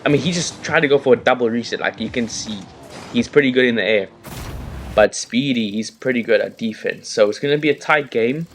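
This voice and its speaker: A man casually commentating a game from his bedroom, rambling and chatty with bursts of excitement, on a laptop mic. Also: medium pitch, fairly quick, a little hiss or hum. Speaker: gaming commentator and host. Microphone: laptop built-in mic.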